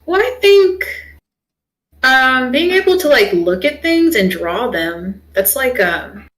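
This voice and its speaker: A woman's voice: high voice, big pitch swings, slow, a bit bright, low-quality recording. A young woman streamer chatting casually while she draws, rambling with lots of fillers. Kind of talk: casual chat while drawing.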